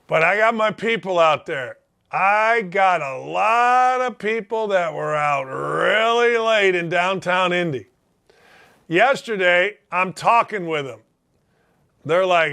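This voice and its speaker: Brief: middle-aged man, sports talk host, high forceful voice, blunt folksy ranting monologue. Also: lively intonation, slow pace. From Indianapolis, United States. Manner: blunt, riled-up, folksy slang. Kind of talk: opinionated sports radio monologue.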